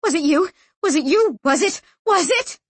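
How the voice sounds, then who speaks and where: A woman's voice: very high-pitched, animated, normal speed, dry recording, voice pushed up. A woman voicing a desperate young woman thief who shrieks in panic and repeats herself in an audiobook. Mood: screaming.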